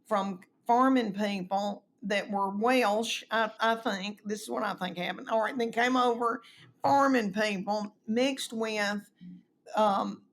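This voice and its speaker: A middle-aged woman with a Southern East Tennessee accent spins folksy stories in a relaxed chat. Her pitch sits in an ordinary middle range, and she jumps into animated voices when she quotes people. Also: slow pace, slight background noise. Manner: animated, folksy storyteller who acts out quotes. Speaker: guest comedian. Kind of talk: storytelling in a casual chat.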